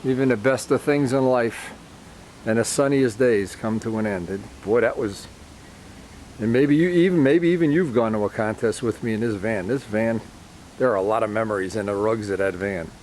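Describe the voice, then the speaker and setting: A man's voice: fairly low pitch, normal speed, darkish tone, a little hiss or hum. A man vlogging in a casual, rambling way, sentimental and often trailing off mid-sentence. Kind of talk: casual reminiscing to camera.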